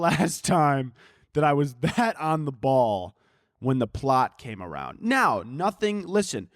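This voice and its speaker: Young male podcast host in his twenties, comedic monologue, profane, medium pitch, dry. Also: no echo. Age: 20s. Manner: rambling, profane, self-interrupting.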